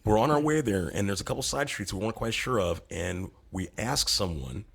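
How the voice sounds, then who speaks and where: Gravelly, husky man telling a story. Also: lowish voice, a little fast. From Ohio. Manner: animated, chatty storyteller. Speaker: guest musician. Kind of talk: casual storytelling.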